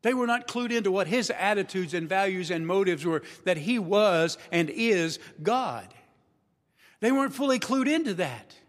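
Male pastor, high voice, storytelling sermon, long hall reverb. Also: lively intonation, normal speed. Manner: storytelling, acts out quoted voices.

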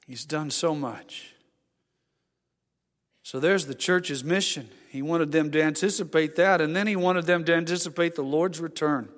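A man's voice: a little high, normal speed, fairly bright tone. A man preaching a sermon as a pastor, emphatic and acting out the voices he quotes. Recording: long hall reverb.

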